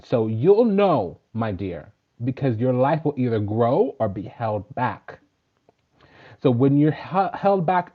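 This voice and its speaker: A man who works as a spiritual teacher gives a casual sermon, emphatic and profane, preaching in rhythmic lists. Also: mid-range voice. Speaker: spiritual teacher and tarot reader. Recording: dull lo-fi recording.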